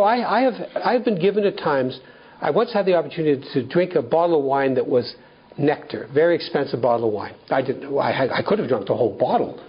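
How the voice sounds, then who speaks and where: A husky, slightly high-voiced man from Canada tells a personal story at a recovery workshop. He speaks in an animated way, restarts often, and acts out dialogue. The recording sounds dull and lo-fi.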